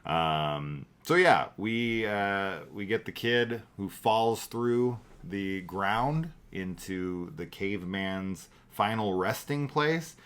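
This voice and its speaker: A man's voice: lowish voice, expressive, slow pace, hardly any pauses, a bit bright, smooth. A middle-aged man co-hosting a casual movie review chat, rambling and thinking aloud with many fillers. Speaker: podcast co-host.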